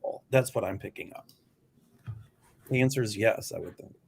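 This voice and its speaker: A man's voice: on the low side, normal speed, vocal fry, slightly rough. A man hosting a live psychic stream, reading viewers' questions aloud and answering them plainly. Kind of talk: casual live-stream chat.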